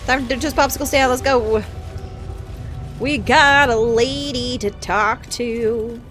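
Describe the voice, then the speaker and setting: A woman's voice: fairly high pitch, steady tone, takes it slowly, a bit bright, soft background music. A woman streaming a game live, chatty and self-mocking, laughing often as she comments.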